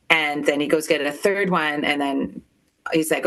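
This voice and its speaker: A woman telling a painful personal story as an interview guest, halting and emotional, with many filler words. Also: sits low, fairly bright tone.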